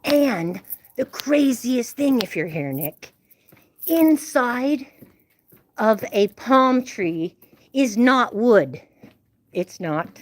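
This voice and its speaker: A woman's voice: fairly high pitch, expressive, drawn-out words, long pauses, slight background noise. An older woman walking outdoors at sunset, chatting in a rambling way to live-stream viewers through her handheld phone. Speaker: livestream host. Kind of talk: casual live-stream chat. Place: outdoors on an evening walk. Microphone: phone held in hand.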